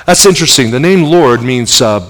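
A middle-aged man preaching a sermon as pastor, animated, with emphatic rising peaks and soft asides. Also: medium pitch, normal speed. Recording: long hall reverb.

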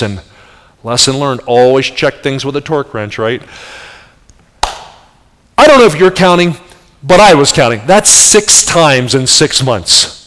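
A middle-aged man preaches a sermon, telling a story with lively swings and raising his voice for the punch lines. His voice trails off into the long reverb of a church sanctuary. He is from New Jersey and speaks with a mid-range pitch. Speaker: traveling evangelist.

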